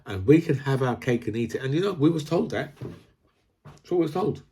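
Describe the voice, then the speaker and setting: A man's voice: medium pitch, animated, brisk, mellow. A man from Britain, ranting casually about politics, rambling, repeating himself and asking "right?" again and again. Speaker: political commentator.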